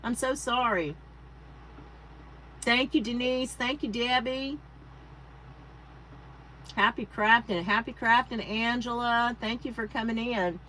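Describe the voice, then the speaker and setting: A woman's voice: fairly high pitch, takes it slowly, long pauses, bright, forceful tone, slight background noise, low-quality recording. A woman hosting a casual craft livestream, chatting and thanking viewers by name with rambling asides. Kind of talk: casual live-stream chat. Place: home craft space.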